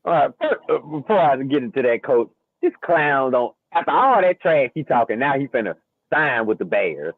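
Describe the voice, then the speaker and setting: A man co-hosting a casual sports talk show, animated and trash-talking. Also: mid-range voice, normal speed, no room sound, phone-quality sound. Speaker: co-host.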